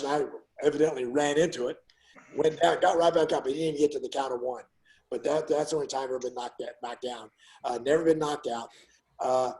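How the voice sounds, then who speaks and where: A man's voice: fairly high pitch, poor audio. An older man, a former fighter, telling stories in a casual interview and acting out what people said. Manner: animated storyteller, acts out quotes loudly.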